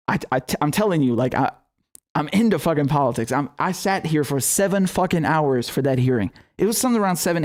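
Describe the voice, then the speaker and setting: A young man giving a heated solo political commentary, swearing often and ranting sarcastically. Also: on the high side. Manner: profane, animated, sarcastic rants.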